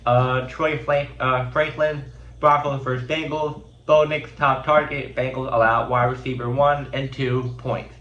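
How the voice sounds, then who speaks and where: A man's voice: medium pitch, little pitch movement, measured pace, a bit bright, reverberant, lo-fi sound. A man with a congested, sick voice running through casual fantasy football picks with many fillers and restarts. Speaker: host.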